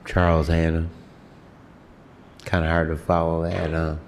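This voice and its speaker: A man giving a reflective, hesitant public comment at a city meeting, pausing often on fillers. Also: low-pitched, completely flat delivery, slight background noise. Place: city commission chambers.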